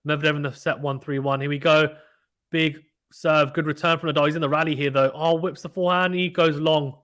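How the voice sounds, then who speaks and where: A man hosting a live tennis watchalong stream, calling play-by-play with animated reactions and reading chat messages. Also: on the high side. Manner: fast, animated play-by-play, reads chat aloud. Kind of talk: excited casual live commentary.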